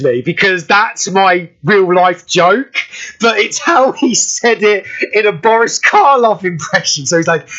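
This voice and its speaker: A British man hosting a radio show in casual chat, excitable and quick to burst out laughing. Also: high-pitched. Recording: dull lo-fi radio audio.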